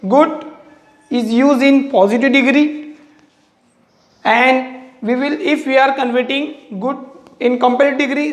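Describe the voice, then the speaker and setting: A teacher giving a grammar lesson, slowly repeating and drilling each word aloud. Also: high voice, echoey room, in a large hall. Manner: slow, repetitive explaining, drilling words aloud.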